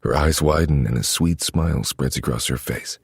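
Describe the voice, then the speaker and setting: A man narrating a first-person romance story in a low, intimate, steady manner. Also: moderate pace, gravelly, husky, no echo, clean studio sound. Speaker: audiobook narrator.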